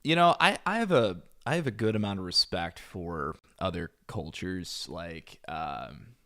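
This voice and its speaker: A man's voice: sits low, animated, a little slow, pushed and bright. A man streaming, chatting casually and bluntly as he reacts to videos, rambling with fillers.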